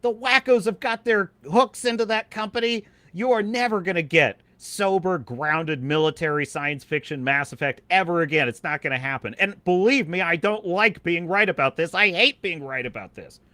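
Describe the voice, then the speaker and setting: A man's voice: sits high, moderate pace, few pauses, pushed and bright, dry recording. A man hosting a live stream, ranting animatedly and laughing as he reads out chat messages.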